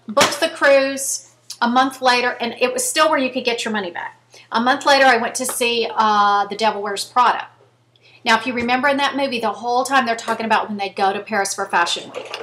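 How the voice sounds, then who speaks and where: Woman, fifties, slightly high voice, earnest casual vlog chat, talks straight to viewers. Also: a bit bright, slight background noise. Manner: chatty, earnest storytelling, addresses viewers directly. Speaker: vlogger.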